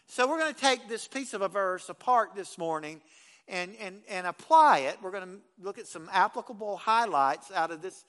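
Pastor, male, high bright voice, folksy conversational sermon delivery. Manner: folksy, conversational preaching with repeated restarts.

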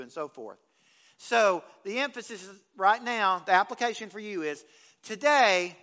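A man's voice: sits high, pushed and bright. A man pastor delivering a folksy, conversational sermon, often restarting phrases as he speaks.

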